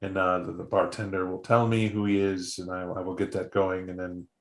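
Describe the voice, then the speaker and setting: A man's voice: fairly low pitch, steady tone, normal speed, a bit bright, echoey room, natural voice. A man voicing a nervous, overly polite male messenger who stammers and keeps calling others sir, in a tabletop role-play.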